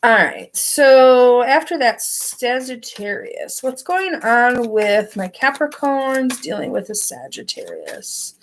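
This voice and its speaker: A woman's voice: a little high, sing-song, takes it slowly, few pauses, slight background noise. A woman giving a casual tarot reading to camera from her bed, rambling with lots of filler words. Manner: rambling, filler-heavy with frequent "like". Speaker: tarot card reader. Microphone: camera in front of her.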